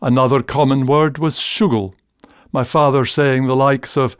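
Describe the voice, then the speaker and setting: A man reads his script slowly and without rush, at an ordinary middle pitch. The sound is close and dry, with no room around it. He tells it in a measured, gently humorous storytelling way. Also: steady tone, clear, resonant tone, dry recording. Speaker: narrator. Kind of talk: scripted narration.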